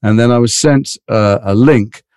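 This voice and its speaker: A middle-aged actor telling animated anecdotes in an interview, acting out other people's voices. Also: male voice, fairly low pitch, unhurried, clean tone, dry recording, studio quality. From England. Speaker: actor guest.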